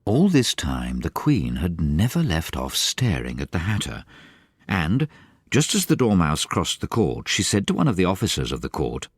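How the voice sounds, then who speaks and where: A man reading a children's novel aloud as an animated audiobook narrator. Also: deep voice, normal speed, husky, no echo, clean studio sound. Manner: animated, varied storytelling. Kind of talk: expressive storybook narration.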